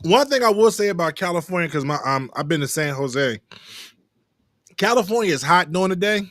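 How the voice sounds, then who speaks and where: Male podcast host from the East Coast, animated and joking, higher bright voice. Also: brisk, no echo, studio quality. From Maryland, US East Coast. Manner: laughs often, animated and joking. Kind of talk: casual chat.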